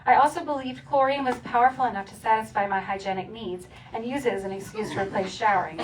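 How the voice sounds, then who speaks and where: A woman reading from her own memoir at a community celebration, playful and often laughing as she acts out the funny parts. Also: a little high. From Philadelphia area. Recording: distant mic with faint ambient noise.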